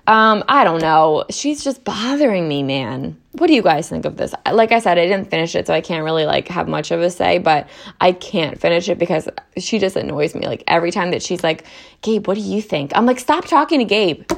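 A woman's voice: fairly low pitch, lively intonation, fairly quick, vocal fry. A young woman chatting casually to camera as a book reviewer, talking in an exasperated, rambling way with lots of fillers.

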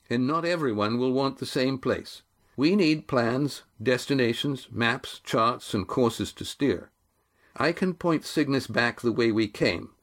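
A man's voice: mid-range voice, pitched above the performer's own voice, close to an everyday voice. A man voicing a young seafaring grandson who speaks earnestly and declaims a proclamation.

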